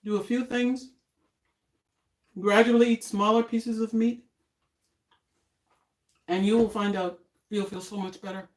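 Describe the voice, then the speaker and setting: An older woman chatting casually on a home cooking live stream, homey and relaxed, talking while she eats. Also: mid-range voice, measured pace, pauses often, roomy sound. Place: home kitchen.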